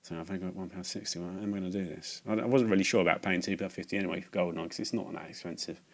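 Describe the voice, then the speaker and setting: A man telling a rambling, halting anecdote for his video game vlog, often stumbling and repeating himself. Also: fairly even intonation, creaky. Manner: rambling, halting, self-mocking, acts out voices in a high falsetto. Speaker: video game collector vlogger.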